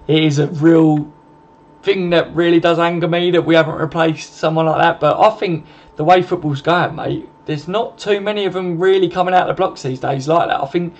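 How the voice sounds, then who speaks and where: A man hosting a casual live stream, chatty and matey, swearing freely and calling his viewers mate. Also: a little high. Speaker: live stream host reading viewer comments. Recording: slightly muffled with faint background noise.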